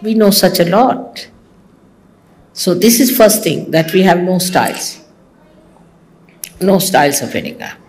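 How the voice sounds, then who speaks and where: Animated woman giving a sermon. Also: fairly low pitch, measured pace, pauses often, a little hiss or hum, poor audio. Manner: animated, teasing, scolding with humor. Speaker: spiritual teacher. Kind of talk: sermon to followers.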